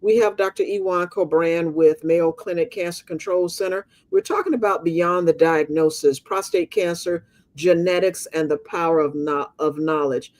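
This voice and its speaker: A man's voice: on the high side, normal speed. A man hosting an online interview in a chatty, conversational way. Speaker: host. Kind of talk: casual interview.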